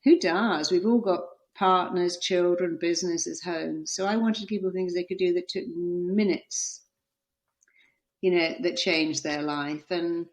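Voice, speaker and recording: Middle aged woman on a podcast, animated storyteller, does the voices of people she quotes. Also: fairly low pitch, a little slow. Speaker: guest, therapist and author. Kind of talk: podcast interview.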